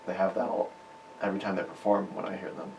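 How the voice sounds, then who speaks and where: Rambling chatty musician guy on college radio, lowish voice, roomy room, mic kinda far. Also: monotone, quick pace, gravelly, darkish tone, muffled recording. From Chicago. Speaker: musician guest. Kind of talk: casual radio interview. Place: radio studio. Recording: roomy, distant mic with faint hiss.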